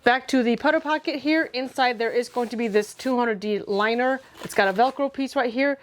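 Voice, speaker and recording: A gear reviewer with a rather high voice talks fairly quickly. She walks through a detailed product comparison methodically, correcting herself as she goes.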